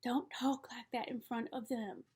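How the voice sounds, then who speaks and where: A woman's voice: fairly high pitch, flat delivery, unhurried, darkish tone, breathy edge. A woman reading the part of a stern, disapproving older aunt who speaks in a prim, scolding way.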